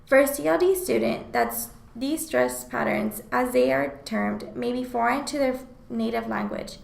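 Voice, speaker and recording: A woman's voice: on the high side, unhurried, creaky, reverberant, rough recording. A woman reading aloud a scripted class presentation in an explanatory tone. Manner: reads aloud in an explanatory, even tone. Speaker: student presenter.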